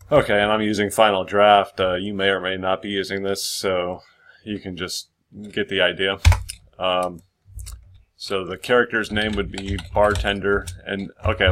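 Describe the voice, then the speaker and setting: Male tutor, low-pitched, casual and rambling, restarts mid-sentence, light typing in background. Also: fairly bright tone. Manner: rambling, full of fillers and restarts. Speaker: screenwriting tutor. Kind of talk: casual screen-share tutorial.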